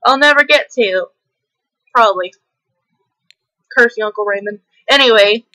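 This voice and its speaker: Hosting a gameplay video, this woman chats hyperly while playing, laughs often, and now and then slips into a country twang. Her voice is a little high and bright with a forceful tone, her pace moderate, and the recording rough.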